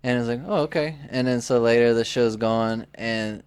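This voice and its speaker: A man's voice: mid-range voice, level tone, normal speed, clear, resonant tone, no echo. A man in his twenties, a podcast co-host, telling a story in a rambling casual way with lots of "like" and restarts. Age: 20s. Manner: rambling, heavy use of "like", frequent restarts.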